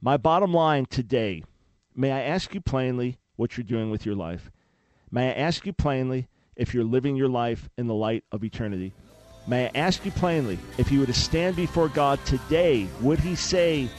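A man's voice: mid-range voice, animated, moderate pace, darkish tone, faint music behind. A man hosting a call-in radio talk show, speaking in an earnest, preacherly way with emphatic restarts.

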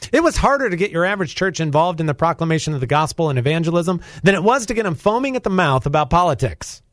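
A man's voice: a little high, sing-song, quick pace, no echo, studio quality. A man, hosting Christian talk radio in a fired-up, preachy and emphatic way. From North Carolina. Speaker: guest radio host. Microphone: studio microphone.

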